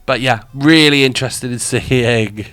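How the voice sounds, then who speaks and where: Host di uno stream, voce maschile media, chiacchierone e divagante, leggera musica di sottofondo. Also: male voice, medium pitch, a little slow, a bit bright, dry recording, soft background music. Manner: rambling, chatty, laughs often. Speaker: radio show host and streamer. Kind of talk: casual live-stream chat.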